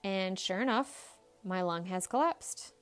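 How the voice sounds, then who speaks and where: A woman's voice: medium pitch, animated, measured pace, a bit bright, clean tone, faint music behind. A woman psychologist hosting a podcast, telling a personal story in a candid, emphatic way with blunt swearing.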